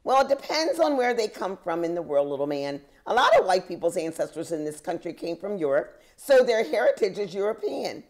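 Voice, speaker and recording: A kindly old grandfather, as a woman reads him aloud, soothing and reassuring a child. The lines come a touch quicker, with lively rises and falls. Read from a picture book. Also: on the low side. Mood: gentle. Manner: gentle, reassuring.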